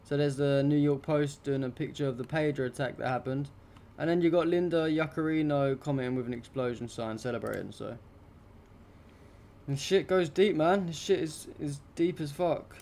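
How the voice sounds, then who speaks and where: A man's voice: on the high side, normal speed, a little mellow, slight background noise. A young adult man hosting a live stream, commenting on news pictures in an indignant, rambling, heavily profane way.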